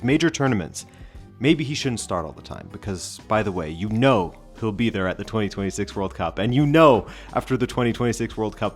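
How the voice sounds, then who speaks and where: A man hosting a casual football vlog, talking in a rambling, stream-of-consciousness way with wry, opinionated asides. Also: mid-range voice. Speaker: football channel host.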